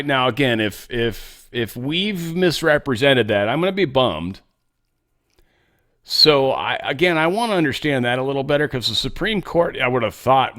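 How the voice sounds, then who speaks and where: A man's voice: on the low side, a bit bright. Rambling blunt male commentator. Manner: rambling, blunt, swears, frequent restarts. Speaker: political commentary host. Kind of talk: casual news commentary.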